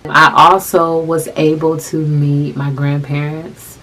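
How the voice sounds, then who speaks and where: A young adult woman telling a personal story to camera, soft-spoken and halting, often repeating her phrases. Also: low-pitched, little pitch movement, rough recording. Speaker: vlogger.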